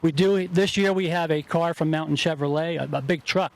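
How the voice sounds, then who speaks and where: A man's voice: a little high, fairly even intonation, brisk, creaky. A man with a New Jersey accent, a golf tournament organizer being interviewed outdoors, explaining rules in easygoing casual chat.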